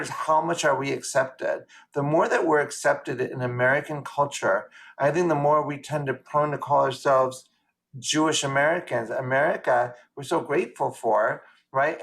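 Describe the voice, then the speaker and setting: Earnest man talking fast on a call. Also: on the high side, gravelly, a bit bright. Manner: quick, earnest, opinionated with restarts. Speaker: rabbi, class participant. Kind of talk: discussion in an online class. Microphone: video call.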